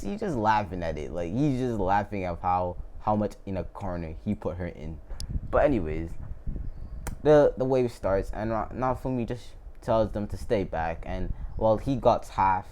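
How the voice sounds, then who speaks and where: Male storyteller, casual and rambling, laughs a lot, low voice with lots of swing. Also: a little mellow. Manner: rambling, laughs often, restarts and corrects himself. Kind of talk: casual retelling of a fan story.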